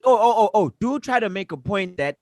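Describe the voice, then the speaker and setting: A man's voice: sits high, lively intonation, a little fast, darkish tone, no room sound, clean studio sound. A man co-hosting a casual podcast, telling a story in a heated, emphatic, profane way. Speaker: podcast co-host. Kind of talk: casual chat.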